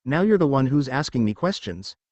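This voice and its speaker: A man's voice: mid-range voice, very animated, a little fast, darkish tone, no echo, lo-fi sound. Man doing a cocky young ninja hero. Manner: cocky, teasing.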